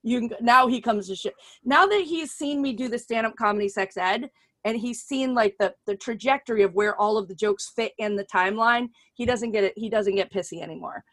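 A middle-aged woman hosting a podcast, telling stories in a casual, animated way, swearing freely and voicing the people she quotes. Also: on the high side, brisk, no room sound. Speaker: podcast host and comedian. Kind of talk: casual chat, storytelling.

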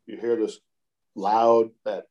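A man calmly telling a long outdoor story in a casual interview, with many repeated "I said" tags. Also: fairly low pitch, muffled recording. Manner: calm, unhurried, repeats "I said" often.

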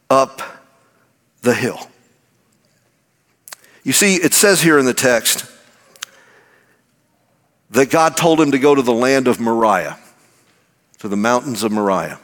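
A man preaching a sermon as pastor, slow and emphatic, his voice dropping low and rising high for effect. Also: animated, in a large hall. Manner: slow, emphatic preaching with dramatic drops and climbs in pitch.

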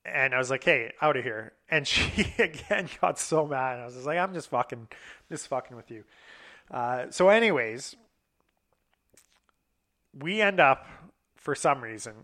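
A man's voice: mid-range voice, fairly bright tone. A young man casually telling a rambling personal anecdote, swearing freely and acting out the lines of people in the story. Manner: profane, rambling, acts out quoted lines.

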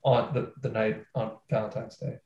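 A man hosting a casual movie-review podcast, leading the talk with sarcastic, quick storytelling. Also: fairly low pitch, level tone, gravelly, darkish tone, echoey room, dull audio. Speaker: podcast host.

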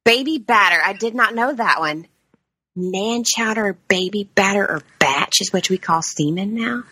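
A woman chats on a podcast, swearing freely and breaking into laughter. Her voice is bright and clear. The sound is dry and close. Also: mid-range voice, lively intonation, moderate pace, dry recording. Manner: chatty, swearing, laughs often. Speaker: podcast co-host. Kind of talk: casual chat.

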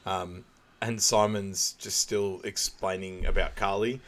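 A man's voice: low-pitched, steady tone, takes it slowly, a bit bright. A man co-hosting a podcast, recapping a film in a laid-back way and laughing often. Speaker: podcast co-host. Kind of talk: casual film recap chat.

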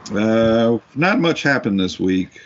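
Very deep-voiced man, muffled podcast audio. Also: lively intonation, slow pace, slight background noise. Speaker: podcast co-host. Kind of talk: casual chat.

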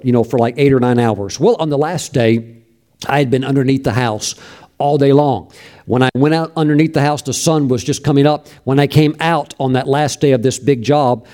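A man's voice: mid-range voice, mellow. A middle-aged male preacher telling a personal story in a folksy sermon, with many fillers.

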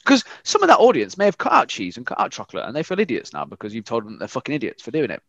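A British man in a casual podcast chat, ranting and swearing in an animated way. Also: medium pitch, rapid-fire, no room sound, lo-fi sound.

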